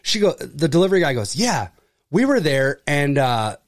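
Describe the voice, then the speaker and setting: A man telling a story in casual chat, acting out the people in it with jumps in voice and plenty of swearing. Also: moderate pace. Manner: animated, acts out quoted people with pitch jumps, swears freely. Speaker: furniture delivery and service worker.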